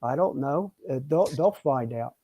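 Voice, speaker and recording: A man's voice: mid-range voice, lively intonation, a little slow, dark tone, breathy edge, no room sound. Emphatic man in a dry close sound. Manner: emphatic, repetitive, interrupting. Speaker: podcast co-host. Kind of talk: casual recovery discussion.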